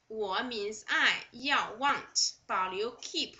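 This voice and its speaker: A woman's voice: fairly high pitch, very slow, sharp tone, dull audio. A woman with a Chinese accent teaching Mandarin, repeating each phrase and glossing it word by word in English. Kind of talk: slow vocabulary lesson.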